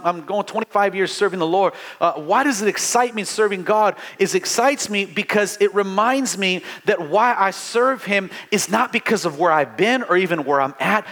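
A middle-aged pastor preaches a fervent sermon in church, his voice sitting high and a bit bright. In call-and-response style, he calls out to the congregation and keeps restarting his phrases.

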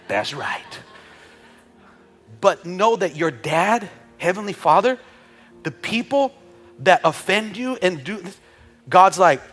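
A man's voice: a little high, moderate pace, soft background music. A man preaching a sermon as pastor, joking with the congregation, calling for amens and leading a prayer. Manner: animated preaching with humor and call-and-response. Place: church with several campuses, also streamed online.

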